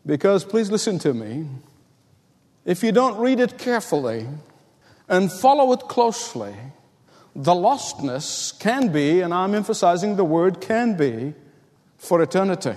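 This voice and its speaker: A man's voice: sits high, very animated, moderate pace, darkish tone, long reverb tail. A middle-aged man preaching a sermon, telling stories and building emphatic repeated lines. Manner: storytelling, emphatic, repetitive build-ups. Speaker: pastor.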